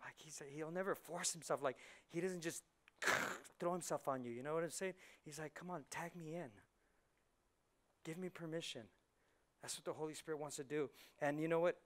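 A man preaching a lively sermon in a church, dropping to near whispers and rising to excited shouts, often acting out quick voices. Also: a little high. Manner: animated, swings from hushed to shouting, acts out voices. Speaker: pastor. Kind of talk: energetic sermon. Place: church hall.

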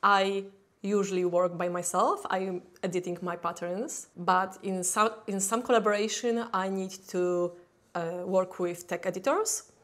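A woman's voice: mid-range voice, steady tone, measured pace, a bit bright. A woman with a Polish accent, a knitwear designer talking casually to her viewers, chatty and a little self-deprecating. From Poland. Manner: chatty, self-deprecating, with small laughs and restarts. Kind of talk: casual tutorial talk to camera.

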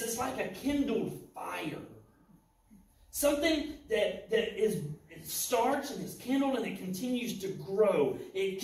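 A man preaching a sermon to his church, impassioned and building up to shouting at points. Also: very high voice. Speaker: pastor. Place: church sanctuary. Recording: echoey church hall, mic at a distance.

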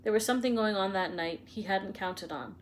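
A big gruff half-giant gamekeeper with a rough country way of talking, put on by a woman reading aloud. He is warm-hearted and blunt. A faint hum sits behind the storybook reading. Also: medium pitch, fairly quick, natural voice. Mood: reassuring. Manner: rough country speech, dropped words.

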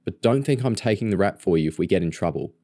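A man's voice: deep voice, lively intonation, fast, dark tone, no room sound, clean studio sound. A man voicing a blunt, exasperated teenage boy who looks out for his younger sister. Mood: firm. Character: exasperated teenage boy, protective older brother.

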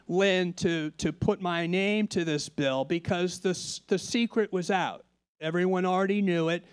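Man in his fifties, panel guest spinning an anecdote with quoted voices, crisp tone. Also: high-pitched, no room sound. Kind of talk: storytelling on a panel. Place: conference stage.

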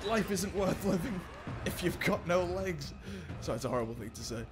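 Excitable gamer, high voice. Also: male voice, moderate pace, music in the background. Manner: excitable, jokey, talks to the game characters. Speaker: gaming YouTuber. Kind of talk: let's play commentary.

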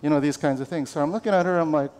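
A man preaching a sermon as pastor, animated and conversational, calling on the congregation to answer back. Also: a little high, very fast, long reverb tail. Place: church sanctuary.

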